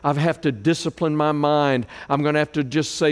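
Guy preaching a sermon, kinda high voice, big hall echo, goes loud then quiet and prayerful. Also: fairly even intonation, normal speed, few pauses, clear, resonant tone. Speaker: pastor. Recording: long hall reverb.

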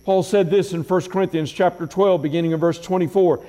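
Male pastor, sermon, high voice, mellow tone, measured emphatic delivery, repeated phrases, long church-hall reverb. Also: steady tone. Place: church sanctuary.

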